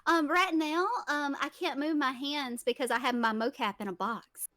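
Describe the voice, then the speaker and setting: A woman answering quick-fire quiz questions in casual chat, hesitant and giggly, with lots of ums. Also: high voice, pushed and bright, no echo, clean studio sound. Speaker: guest streamer with a virtual avatar. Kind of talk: casual game-show chat.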